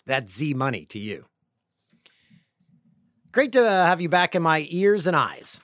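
A middle-aged man hosting a casual podcast, reading listener emails aloud with playful, jokey, rambling asides that swing between loud bursts and quiet mutters. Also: a little high, big pitch swings, takes it slowly, long pauses, no echo, clean studio sound. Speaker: podcast host.

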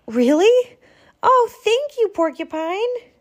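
A woman voicing a small female squirrel in a storybook, in a high, chirpy, wistful voice. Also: slow pace.

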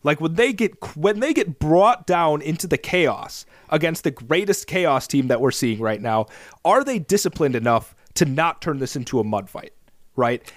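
Dude co-hosting a basketball pod, kinda high voice, gets dramatic and worked up. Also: male voice, normal speed, dry recording, clean studio sound. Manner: animated, dramatic, builds up his points. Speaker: podcast co-host. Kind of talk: casual basketball podcast chat.

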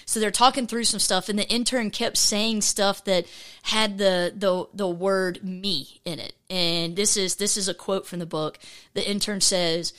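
A woman hosting a casual faith podcast, talking in a chatty, animated way with lots of fillers and restarts. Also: medium pitch, measured pace. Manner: acts out quoted voices. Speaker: podcast host.

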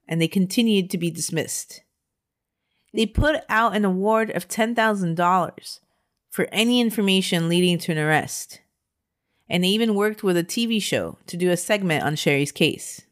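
A woman's voice: on the low side, normal speed. Woman recounting a crime case. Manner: conversational, laughs often. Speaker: podcast host. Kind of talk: storytelling a true crime case.

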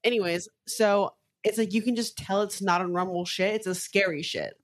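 A young woman co-hosts a podcast, sharing candid, crude stories in easy chat. Her voice sits at an ordinary middle pitch, neither high nor low. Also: steady tone, normal speed. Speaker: podcast co-host. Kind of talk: casual chat.

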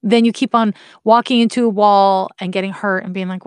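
A woman's voice: medium pitch, steady tone, brisk, hardly any pauses, a little mellow, clean tone, dry recording, studio quality. A woman explaining astrology in a casual, candid way, swearing now and then and making wry asides. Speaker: astrology teacher.

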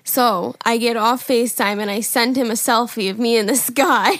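A woman in her twenties chats on a podcast with a lively, bright tone. Her voice sits a little high. She tells stories animatedly and jumps into loud voices for her past self. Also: moderate pace, hardly any pauses, no room sound, studio quality. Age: 20s. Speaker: podcast co-host. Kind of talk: casual chat.

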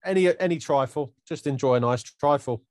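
Teasing co-host, dry delivery. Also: male voice, on the high side, brisk, no room sound. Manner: teasing, deadpan jabs. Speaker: podcast co-host. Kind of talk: casual banter over a video call.

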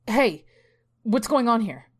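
A woman's voice: sits low, a little fast. A woman doing a confused, defiant father. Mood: demanding. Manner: demanding, bewildered. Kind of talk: horror story narration.

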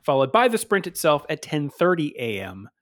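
A man's voice: fairly high pitch, big pitch swings, normal speed, a bit bright. A man co-hosting a podcast in casual chat, playful and laughing, stumbling over hard names. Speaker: podcast co-host.

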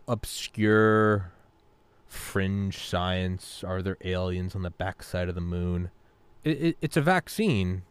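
A man's voice: mid-range voice, no room sound. A man hosting a podcast conversation, talking animatedly and acting out imagined exchanges. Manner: animated, acts out imagined dialogues. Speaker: podcast host. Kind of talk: casual conversation.

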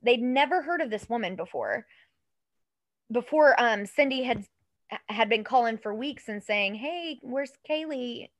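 A woman's voice: on the high side, moderate pace, long pauses, no echo, rough recording. A woman in her thirties co-hosting a casual chat, telling a story in a loose, swearing, laughing way. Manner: chatty, swearing, acts out quoted voices with laughter. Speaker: podcast co-host telling a true crime case.

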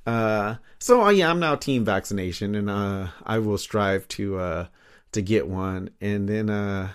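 Rambling, laughing man hosting a podcast. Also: on the low side. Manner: rambling, laughs often, heavy fillers and swearing. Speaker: podcast host. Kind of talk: casual solo podcast chat. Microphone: studio microphone.

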